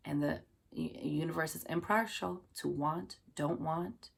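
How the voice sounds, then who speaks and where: Woman, tarot reader, low and heavily fried voice, rambling and chatty with her audience. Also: a little slow, gravelly, husky. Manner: chatty, loose, filled with "like" and "you know", addresses listeners fondly. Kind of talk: casual tarot reading to viewers.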